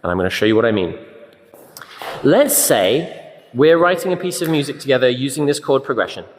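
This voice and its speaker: A man teaching a group music lesson, now and then singing notes and syllables in a high voice. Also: lively intonation, brisk, roomy sound, big-room sound, a little hiss or hum. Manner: sings note names and syllables in a high voice.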